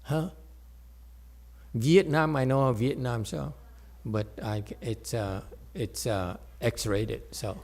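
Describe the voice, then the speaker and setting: A man's voice: mid-range voice, slow pace, a little mellow. A man giving a Buddhist dharma talk to a live audience, playful and joking, often checking in with his listeners. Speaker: Chan meditation teacher. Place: meditation center hall with audience.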